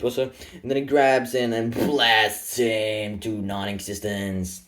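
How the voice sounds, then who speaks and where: A man's voice: lowish voice, little pitch movement, takes it slowly, a bit bright. A man casually retelling a comic in a rambling, playful way, throwing in sound effects. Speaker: comic narrator.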